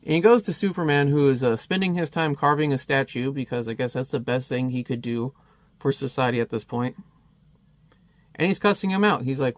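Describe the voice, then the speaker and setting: A man's voice: medium pitch, brisk, dry recording. A man casually reviewing a comic, chatty and wry, with many fillers.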